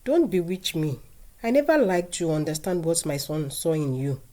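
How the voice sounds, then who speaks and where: A woman's voice: deep voice, lively intonation, moderate pace. A woman voicing a domineering, demanding older mother-in-law in a storybook tale. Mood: scornful. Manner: scornful, loud, turns tearful.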